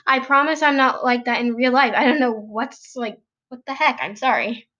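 A woman's voice: high voice, moderate pace, lo-fi sound, background noise. A teenage girl cutting in with flustered, over-apologetic remarks about her own podcast. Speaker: podcast co-host.

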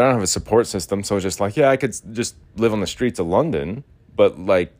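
Low-voiced young man rambling casually. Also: a little mellow. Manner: rambling, loose, full of "like" fillers and swearing. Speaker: podcast host.

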